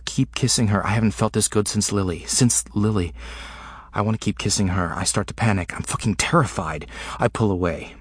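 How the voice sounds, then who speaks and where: A man narrates a first-person audiobook in short, broken phrases with an intimate hush. His voice is husky and sits a little low. The recording is close and dry, with no room around it. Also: no echo. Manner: halting, fragmented, intimate delivery.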